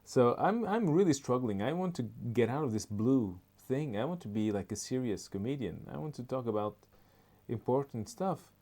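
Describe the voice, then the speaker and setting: Man, comedian, gravelly dark voice, rambling stand-up bits, chuckles at himself. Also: lowish voice. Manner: rambling, laughs at his own jokes.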